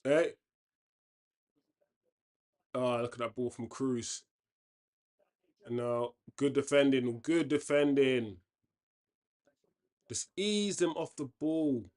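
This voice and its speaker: A man hosts a football watchalong and chats casually about the match. He is opinionated and restarts his sentences often. His voice sits at an everyday middle pitch. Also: slow, pauses often, darkish tone. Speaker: watchalong host.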